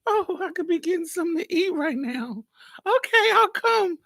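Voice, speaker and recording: A woman voicing a whiny male stray cat begging to be let out, in high wailing cries. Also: animated, moderate pace, gravelly, a bit bright, no room sound, full character voice. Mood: wheedling.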